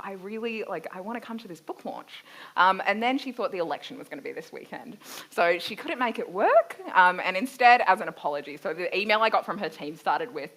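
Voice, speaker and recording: A woman author answering audience questions at a live book launch, laughing often as she tells stories with excitement. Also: mid-range voice. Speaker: author and guest speaker. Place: library event room before a live audience.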